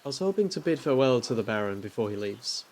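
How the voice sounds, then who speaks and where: A man's voice: medium pitch, very animated, fast, darkish tone, a little hiss or hum. A man reading the part of a curious, polite young monastery artist aloud from a game, in his own plain voice. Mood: calm.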